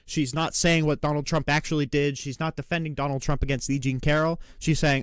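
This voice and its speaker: A man's voice: on the high side, flat delivery, smooth, no room sound, clean studio sound. A man giving casual political reaction commentary, ranting in an exasperated way with frequent swearing. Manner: exasperated, rapid rants with profanity; mocking put-on taunts when quoting opponents. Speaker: reaction streamer.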